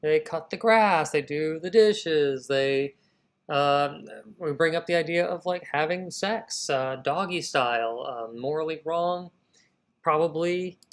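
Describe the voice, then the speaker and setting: Guy running a live writing stream, chatty, thinks out loud, calls everyone y'all. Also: fairly high pitch, takes it slowly. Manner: energetic, thinking aloud, addressing viewers as y'all. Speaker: writer hosting a live writing session. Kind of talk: casual livestream talk.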